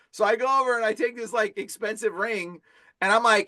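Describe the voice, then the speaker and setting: Male guest, high bright voice, storytelling casually, peppers speech with "bro". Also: fast, dry recording, studio quality. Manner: animated, fillers like "like" and "bro". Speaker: guest, deliverance minister.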